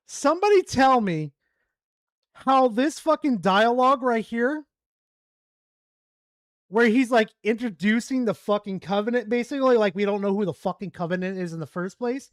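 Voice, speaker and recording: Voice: mid-range voice, no room sound, studio quality. A streamer rambling and swearing in frustration while commentating a game. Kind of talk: gaming commentary while playing.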